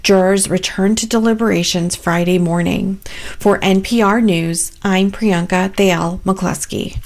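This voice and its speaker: A woman station reporter reading a scripted court news report in a measured way. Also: medium pitch, fairly even intonation.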